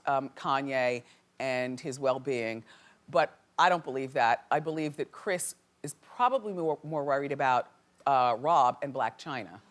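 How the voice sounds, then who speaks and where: A woman's voice: fairly low pitch, a little hiss or hum. Chatty woman host dishing celebrity gossip. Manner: chatty, animated, opinionated. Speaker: talk show host. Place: TV studio with live audience.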